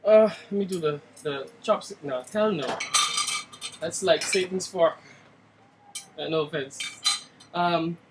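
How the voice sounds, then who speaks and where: A man with a high voice cheerfully walks viewers through a budget dinner in his home kitchen. He is joking and playful and talks straight to the camera. Cutlery clinks faintly in the background. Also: takes it slowly, pauses often, background noise. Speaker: cooking vlogger. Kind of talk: casual cooking vlog.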